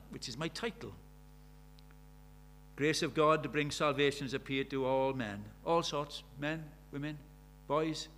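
A man preaching a sermon, animated, shifting from loud emphatic lines to quiet asides. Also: on the high side, slight background noise.

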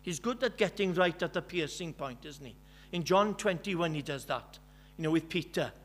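A Welsh man preaching a sermon, earnest and emphatic, driving each point home by saying it twice. His voice sits a little high for a man. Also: lively intonation, moderate pace. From West Wales. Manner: earnest, emphatic with many repetitions.

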